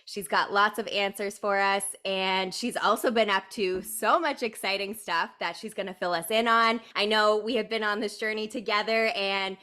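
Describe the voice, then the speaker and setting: A woman's voice: medium pitch, fairly even intonation, normal speed, few pauses, pushed and bright, clear, resonant tone. A woman hosting a podcast in casual chat, bubbly and effusive, laughing often. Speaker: podcast host.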